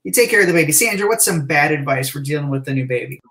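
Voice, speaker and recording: A man hosting an improvised comedy game on a video call, giving quick recaps of each answer. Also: on the high side, expressive, pushed and bright.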